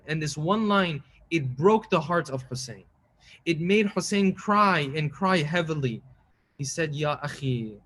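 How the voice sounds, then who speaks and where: A man with a slightly high voice preaches a mournful sermon. He tells a sad story with mounting emotion, breaking into quick chant-like recitation now and then. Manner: emotional, rising into pleading recitation; quotes Arabic lines in quick chant-like recitation. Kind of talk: mournful majlis sermon narration.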